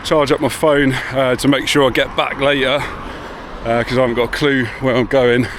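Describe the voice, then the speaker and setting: A man chats through a walking vlog in a loose, rambling way, dropping the odd swear word. His voice sits at an ordinary middle pitch. Steady street and traffic noise runs behind him. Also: moderate pace. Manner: chatty, rambling, laid-back with swearing. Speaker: vlogger. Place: outdoors on town streets and in a car.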